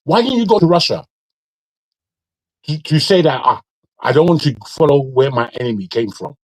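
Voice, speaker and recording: A man's voice: a little high, lively intonation, moderate pace, dry recording, poor audio. A man from Nigeria who grew up in Britain, arguing bluntly in a heated casual debate, swearing and repeating his words. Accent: British English with Nigerian touches. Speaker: discussion panelist.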